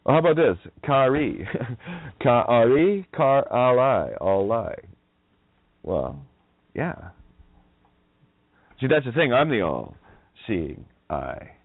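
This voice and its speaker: This radio host talks in a slow, sing-song voice of medium pitch, pausing often as he rambles through puns, laughing and swearing a lot. His monologue comes over a dry, phone-like line.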